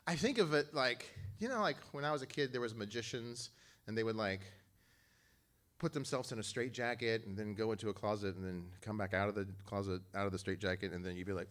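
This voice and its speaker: Fast and animated, a man preaches as pastor, bringing quotes to life through swings in pitch and volume. He keeps the tone lively and chatty, with joking asides to the people in the pews.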